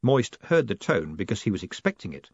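A man narrating an audiobook in a dry, wry and measured way. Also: fairly low pitch, sing-song, gravelly, a little mellow, breathy edge, no room sound. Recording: dull, dry studio read.

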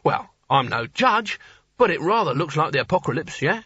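A man's voice: a little high, very animated, moderate pace, sharp tone, breathy edge, no echo, lo-fi sound, full character voice. A man voicing a laid-back male genie who drawls in an offhand, slangy way.

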